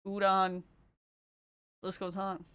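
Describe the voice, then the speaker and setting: A woman's voice: medium pitch, completely flat delivery, slow, a bit bright, clear, resonant tone. A woman streaming casually while doing her makeup, chatting, laughing often and answering her chat. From Canada. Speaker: livestreamer.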